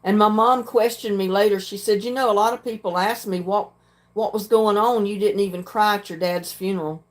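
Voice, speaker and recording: Older woman, livestream host, plain frank talk, frequent throat-clearing. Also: mid-range voice, fairly even intonation, brisk. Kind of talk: casual chat reading viewer comments.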